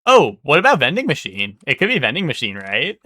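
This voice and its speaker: A man's voice: mid-range voice, wildly swooping pitch, brisk, sharp tone, dry recording. A young man streaming live, thinking aloud and guessing in casual, swearing chatter.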